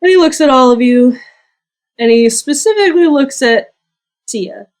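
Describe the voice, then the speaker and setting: A woman narrating as game master of a tabletop game, easygoing and quick to laugh. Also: high-pitched, expressive, darkish tone.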